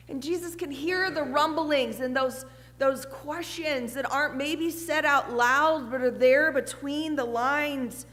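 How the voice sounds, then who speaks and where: A woman pastor delivers a sermon in a high, clear voice. Her words ring out with a long reverb through the church sanctuary. She is earnest, poses rhetorical questions and sometimes softens to a near hush. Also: slow. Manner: earnest, with rhetorical questions and soft, hushed passages.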